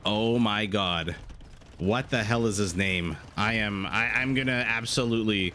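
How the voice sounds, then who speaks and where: A man casting a strategy game match as a tournament co-host, excitable and prone to rambling tangents. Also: lowish voice, moderate pace, a little hiss or hum. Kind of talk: esports match commentary.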